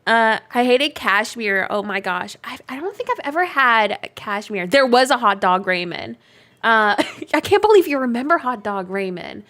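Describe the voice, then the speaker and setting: A young woman streaming a game, chatting casually, giggling often and bursting into excited outbursts. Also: medium pitch, unhurried. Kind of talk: casual live-stream chat while playing.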